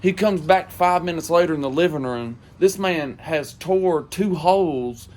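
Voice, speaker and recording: A man telling a comedic story in a casual way, swearing freely and delivering his punchlines flatly. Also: a little high, measured pace. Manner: profane, animated, deadpan punchlines.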